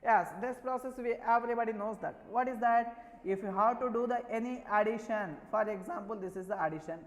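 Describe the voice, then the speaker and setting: A man's voice: high-pitched, a little fast, long reverb tail, muffled recording. A man with an Indian English accent teaching a maths lesson, repeatedly asking questions and answering them himself. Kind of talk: online classroom lesson.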